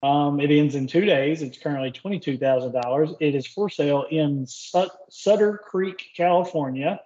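A man with a Southern US accent, co-hosting a casual car podcast in a relaxed, joking way with many fillers. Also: on the high side, normal speed. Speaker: podcast co-host. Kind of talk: casual chat. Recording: dull lo-fi sound.

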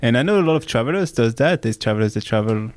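Halting, reflective man, dry close sound. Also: medium pitch, lively intonation, no room sound. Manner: halting, reflective, repeats words. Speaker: guest. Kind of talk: casual chat.

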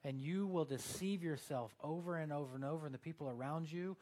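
A man's voice: fairly high pitch, brisk, darkish tone. A man preaching a sermon in a casual, conversational way, with lots of fillers and quoted asides. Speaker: pastor.

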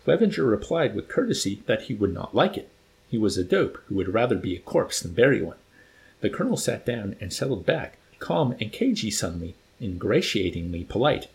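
A man reading a novel aloud in an expressive, casual way with dry humor. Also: lowish voice, fairly quick, vocal fry. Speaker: reader.

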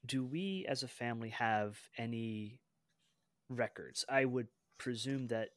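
A man playing a tabletop game, speaking formally and deliberately in character. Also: mid-range voice, no room sound, studio quality. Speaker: player.

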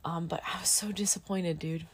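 A woman's voice: on the low side, steady tone, normal speed, husky. A middle-aged woman and student pilot in casual chat, candid and emotional, with plenty of fillers like "like" and "dude.".

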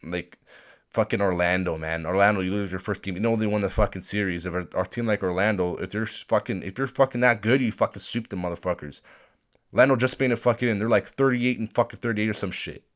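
A young man with a low voice talks at a quick pace in a steady tone, recorded on a phone. He hosts a solo podcast, delivering an unscripted rant that rambles, with lots of swearing and restarts.

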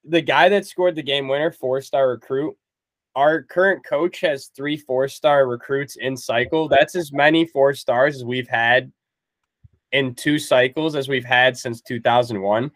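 A man's voice: mid-range voice, steady tone, unhurried, fairly bright tone, no echo. Upbeat man in dry sports banter. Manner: upbeat, reassuring fan banter. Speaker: podcast co-host. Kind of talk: casual sports chat.

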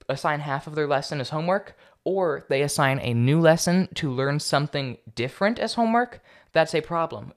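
A young man hosting a solo political commentary podcast, talking casually with a sarcastic edge. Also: a little high. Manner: casual, sarcastic, stumbles over foreign names. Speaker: podcast host.

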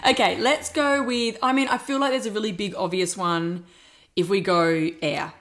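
A woman's voice: mid-range voice, steady tone, fairly bright tone, faint music behind. Teasing woman podcast co-host. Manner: teasing, quick to laugh, thinks aloud. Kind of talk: casual chat.

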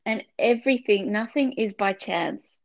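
A woman's voice: medium pitch, measured pace, gravelly, dry recording. A middle-aged woman co-hosting a casual faith podcast, talking in a heartfelt, rambling way with many restarts, close to tears at times. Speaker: podcast co-host.

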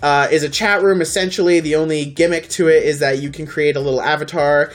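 This podcast co-host narrates a story casually and with lots of energy, dropping swear words and playing out each person's part. The mid-range voice moves fairly quickly.

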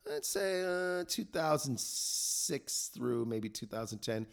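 A man's voice: mid-range voice, takes it slowly, creaky. A middle-aged man co-hosting a podcast, chatting casually and ranting with lots of swearing. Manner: profane, ranting, animated. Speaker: podcast co-host. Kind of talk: casual chat.

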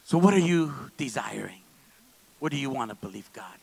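A man preaching a sermon in a church service, moving between quiet, low asides and loud, fervent stretches. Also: animated, normal speed, gravelly, slightly rough, low-quality recording. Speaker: pastor.

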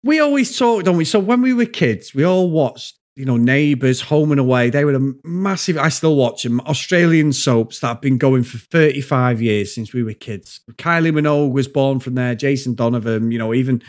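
A man with a northern English accent, co-hosting a casual film review podcast, animated and swearing freely as he laughs along. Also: mid-range voice, normal speed, hardly any pauses. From north of England. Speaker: podcast co-host.

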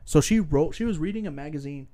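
A man's voice: a little high, lively intonation, fast, warm tone, no room sound. A young man in casual podcast chat, telling rambling stories with swearing and frequent laughs. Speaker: podcast co-host.

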